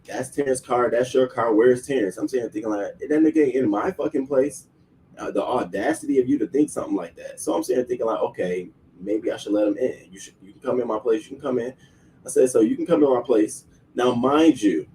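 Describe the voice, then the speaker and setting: A man's voice: mid-range voice, recorded from a distance, slight background noise, poor audio. A man hosting his own show, telling a personal story in casual, profane speech and acting out the people he quotes. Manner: profane, animated, acts out quoted voices. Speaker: show host.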